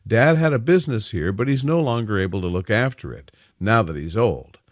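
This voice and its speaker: A man's voice: lowish voice, lively intonation, brisk, no room sound, studio quality, close to an everyday voice. A man doing a chatty easygoing young man. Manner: casual, talkative.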